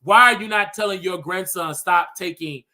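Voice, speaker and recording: Sassy high-voiced man ranting. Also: moderate pace, sharp tone. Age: 30s. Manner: sassy, scolding, dramatic. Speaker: show host. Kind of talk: ranting commentary.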